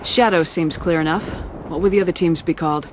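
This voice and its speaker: An actress playing a calm, decisive military commander in a video game, speaking in direct orders and questions. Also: female voice, fairly low pitch, fairly quick, background noise, natural voice.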